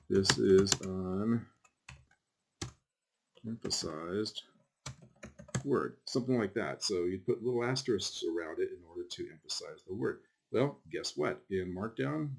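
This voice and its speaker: A very low-pitched man gives a relaxed screen-recorded lecture to his class. He rambles, drifts into asides and fills gaps with ums and likes. Keyboard typing can be heard now and then behind him. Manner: casual, rambling, with frequent fillers and asides. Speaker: college instructor.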